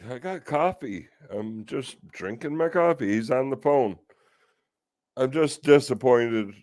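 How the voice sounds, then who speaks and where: A man's voice: mid-range voice, lively intonation, a little slow, a little mellow, dry recording. A man hosting a casual talk stream, ranting in exasperation with rhetorical questions and the odd curse. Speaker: host of a live talk stream.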